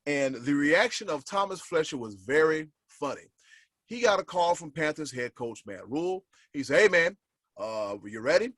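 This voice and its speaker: A man co-hosting a sports podcast, telling stories in an animated, joking way. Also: a little high, moderate pace, no echo. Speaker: podcast co-host. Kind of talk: casual sports banter.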